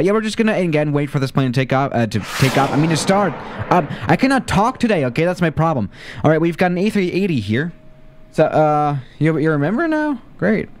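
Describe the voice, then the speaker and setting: A man live-streaming a flight simulator, chatting casually with his viewers, often tripping over his words and laughing at himself. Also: a little high. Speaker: livestreamer playing a flight simulator.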